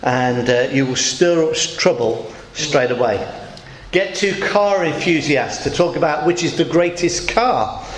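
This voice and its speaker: High-voiced preacher in an echoey hall. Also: male voice, a little slow. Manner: conversational preaching with rhetorical questions and quoted voices. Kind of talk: sermon. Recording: echoey hall with faint noise.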